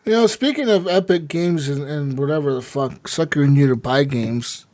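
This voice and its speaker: A man with a high voice co-hosts a gaming podcast, spinning a rambling, profane story full of restarts and swearing. His voice sits close and dry on the mic, with no room sound around it. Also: moderate pace, a little mellow, no echo. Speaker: podcast co-host. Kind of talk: casual chat.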